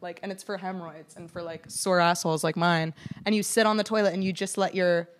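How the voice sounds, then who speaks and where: A woman co-hosting a podcast, chatting casually and telling lively stories, acting out what others said. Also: fairly low pitch, a little fast. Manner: animated storytelling, acts out quoted voices. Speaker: podcast co-host. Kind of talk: casual chat.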